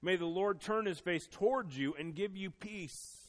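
A man preaching a sermon, earnest and personal, moving between quiet confession and emphatic exhortation. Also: high voice, a little slow, few pauses. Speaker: pastor.

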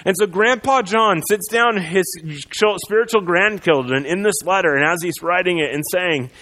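A man's voice: high voice, moderate pace, pushed and bright, long reverb tail, rough recording. A man preaching a sermon as pastor, in a conversational way with many fillers and restarts.

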